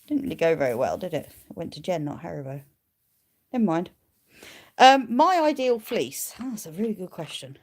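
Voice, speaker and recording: Woman, low voice with a lively, swooping melody, rambling livestream chat to her flock. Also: moderate pace. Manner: chatty and rambling, cooing at her sheep. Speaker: sheep keeper and livestream host. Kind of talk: casual livestream chat answering viewer questions.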